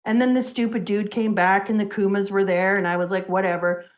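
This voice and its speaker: A woman co-hosting a livestream, recapping a comic in an animated, giggly way. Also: mid-range voice, brisk, poor audio. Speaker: co-host. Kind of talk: casual livestream chat and recap.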